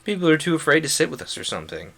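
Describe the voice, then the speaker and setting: Man putting on a laid-back teen boy, rapid casual delivery. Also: on the high side, very animated, vocal fry, a bit bright, pitched above the performer's own voice, exaggerated voice.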